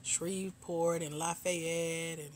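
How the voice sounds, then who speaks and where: A woman's voice: lowish voice, fairly even intonation, slow pace, darkish tone, a little hiss or hum. A middle-aged woman from Georgia, hosting a casual livestream chat with viewers. She laughs often and calls her viewers "girl" and "y'all.". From Georgia, US South. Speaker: host.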